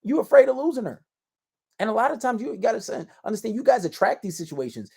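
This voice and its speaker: A man's voice: high voice, big pitch swings, fast talker, gravelly, dark tone, slightly rough. Blunt, self-assured man giving dating advice. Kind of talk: casual advice monologue to camera.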